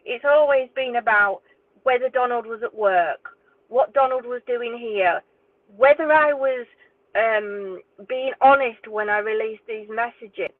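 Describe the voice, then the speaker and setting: Swearing and exasperated, a woman true crime YouTuber rants indignantly straight to the camera. She speaks at a measured pace in a slightly high voice. The recording is dry and tinny like a phone, with no echo.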